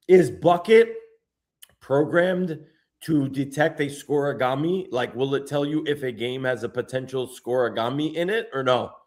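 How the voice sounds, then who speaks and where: A man hosting a podcast in casual chat, excitable and slangy, tossing "bro" around. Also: medium pitch, unhurried. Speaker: podcast host.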